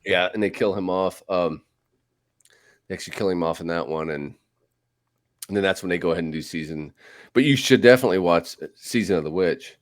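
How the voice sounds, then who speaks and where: Talking movies on his podcast, this host has a low-sitting voice that moves fairly quickly but pauses often. His casual chat rambles, full of fillers and restarts.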